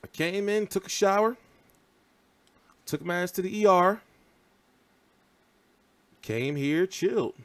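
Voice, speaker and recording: This man's voice is high-pitched and slow, with long pauses, on a dry recording. He's a boxing channel host in his thirties, casually chatting on a livestream and answering viewer comments in a loose, profane, rambling, animated way.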